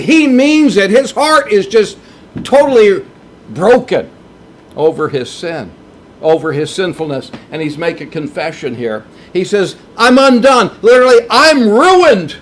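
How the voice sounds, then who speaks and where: A middle-aged man preaching a sermon, earnest and emphatic, repeating his key points. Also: high-pitched. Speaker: pastor.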